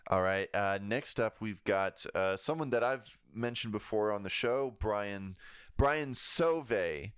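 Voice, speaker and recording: A man hosts a casual music review show in a low, smooth voice. He rambles with many fillers and self-corrections. The sound is dry and close. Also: measured pace, few pauses, fairly bright tone, dry recording.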